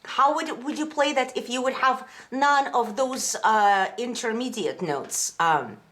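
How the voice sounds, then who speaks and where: A woman teaching piano in her home studio, with halting phrasing, who counts out rhythms in sung syllables. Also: a little high, lively intonation. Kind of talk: piano lesson. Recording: loud piano playing behind her.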